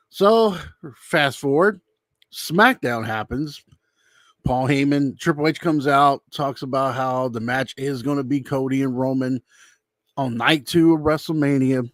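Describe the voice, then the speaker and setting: This YouTube commentator has a mid-range voice and an unhurried delivery as he loosely recaps events, adds his own opinions, and acts out the quotes. The studio sound is clean, with no room sound at all.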